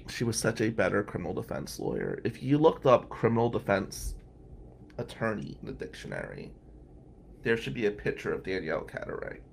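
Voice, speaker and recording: Host read: New man, gravelly voice, candid storytelling tribute with a wry edge and a faint hiss behind him. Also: fairly low pitch. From New Jersey. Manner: candid, wry, laughs between lines. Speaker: podcast host and lawyer.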